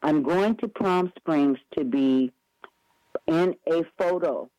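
Eager rambling man, fairly high voice. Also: takes it slowly, warm tone, no room sound, highs cut off. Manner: eager and rambling, with many restarts. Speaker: guest promoting upcoming events. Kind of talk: casual radio interview chat.

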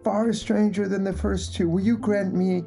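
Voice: medium pitch, little pitch movement, moderate pace, gravelly, warm tone, soft background music, close to an everyday voice. A storyteller voicing an old man who pleads and bargains with a genie.

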